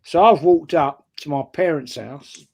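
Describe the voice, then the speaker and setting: A man's voice: a little high, measured pace, gravelly, a little mellow, slightly rough. An older man with a London accent telling a long personal story in casual chat, often checking in with "right?". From North London. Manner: anecdotal, repeats "right?" often. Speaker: fan channel panelist.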